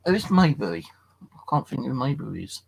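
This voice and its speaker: Gravelly, husky man, tired. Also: mid-range voice, big pitch swings, a little fast, poor audio. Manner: rambling, swears freely, chats to viewers. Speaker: paranormal live streamer. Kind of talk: casual late-night live stream chat. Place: his flat at night.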